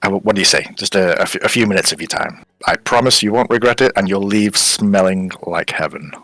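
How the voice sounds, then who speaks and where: A man playing a smooth-talking merchant who makes an ingratiating, salesy pitch with small stumbles. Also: a little fast, a bit bright, no echo, faint music behind, poor audio.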